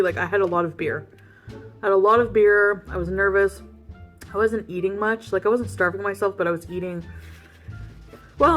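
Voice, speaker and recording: A woman vlogger telling a story in casual, frank chat, laughing often and saying "like" a lot. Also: mid-range voice. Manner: chatty, laughs often, heavy use of "like"; frank and animated retelling.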